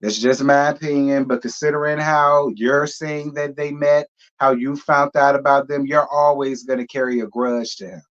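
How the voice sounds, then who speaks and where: A man's voice: fairly high pitch, little pitch movement, moderate pace, a bit bright. Blunt, rambling man on a lo-fi recording. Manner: blunt, rambling, profane, with slang. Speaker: commentary host. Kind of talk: casual reaction commentary.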